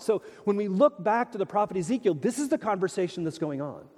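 A male pastor preaching with a high, lively voice that swoops up and down as he presses his points. He sounds animated and emphatic and keeps asking the congregation questions. His voice rings with the long reverb of a large church hall. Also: fast, few pauses. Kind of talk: sermon.

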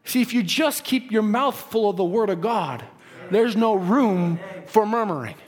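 A male preacher delivering a sermon, swinging from shouted, singsong lines to quiet asides. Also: high-pitched, animated, measured pace.

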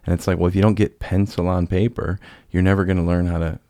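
Low-voiced male podcast host. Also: flat delivery, quick pace, warm tone, no room sound. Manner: rambling, jokey, laughs often. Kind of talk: casual podcast chat.

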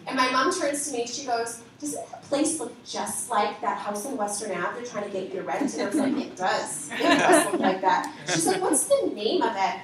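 A woman leader giving a lively spoken testimony to a congregation, acting out the conversations she recounts. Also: fairly high pitch, fairly quick, hardly any pauses, crowd noise. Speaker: ministry leader. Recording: echoey hall from far off.

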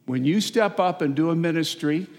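A middle-aged man, a parish priest, giving a folksy, animated sermon with asides to the congregation. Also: on the high side, moderate pace. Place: large church. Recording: long church reverb.

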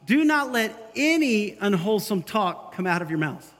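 A pastor delivers a sermon at a moderate pace in a high-sitting voice, talking animatedly and slipping into the voices of the people he quotes. Each phrase trails off in a long reverb from the hall.

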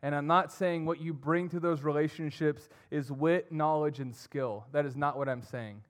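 A young man preaching a sermon, earnest, swinging between emphatic and soft. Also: a little high, steady tone, moderate pace. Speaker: pastor.

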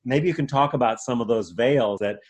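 A man's voice: medium pitch, brisk, a little mellow. A man hosting a podcast interview, affirming his guest and asking him questions. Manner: appreciative, affirming. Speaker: interviewer host.

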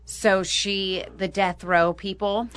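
A woman's voice: medium pitch, flat delivery, takes it slowly, fairly bright tone, clear, resonant tone. A woman co-hosting a radio show in a studio, easygoing and chatty. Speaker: radio co-host. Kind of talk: casual radio chat.

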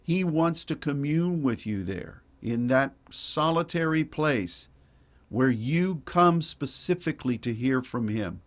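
A man's voice: fairly high pitch, expressive, takes it slowly. A male pastor preaching a sermon in a folksy, digressive way with wry asides.

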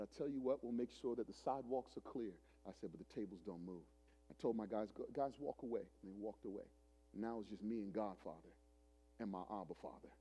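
A man in his forties preaching a sermon as a pastor, telling a story dramatically, swinging from loud preaching to hushed retelling. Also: lowish voice, breathy edge, muffled recording. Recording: long hall reverb.

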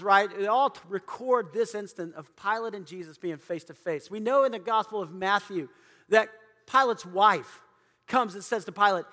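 A man's voice: high-pitched, moderate pace, bright, forceful tone, long reverb tail. A man preaching a sermon in a church, dramatically acting out the voices of biblical figures. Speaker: pastor. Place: church auditorium.

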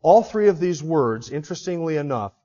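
A man preaching an expository sermon, moving from quiet explanation to loud, repeated declarations. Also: a little high, lively intonation, a little fast. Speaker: pastor. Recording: dull lo-fi recording.

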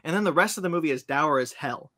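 A man on a podcast telling a long, animated story about a movie he saw and acting out its scenes. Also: fairly high pitch, fast talker. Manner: animated storyteller, acts out scenes in silly voices. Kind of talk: casual chat, movie rant.

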